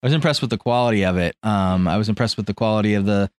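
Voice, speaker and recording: A man's voice: lowish voice, very fast, no echo. Man in casual podcast chat, dry mic. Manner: animated, chuckles, acts out quotes. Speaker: podcast co-host.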